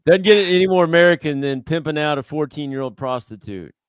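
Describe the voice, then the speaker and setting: A man hosting a casual talk show and chatting with his guest in a relaxed, joking way. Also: a little high, a little fast. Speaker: host. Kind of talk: casual chat. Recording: crowd noise behind the voice.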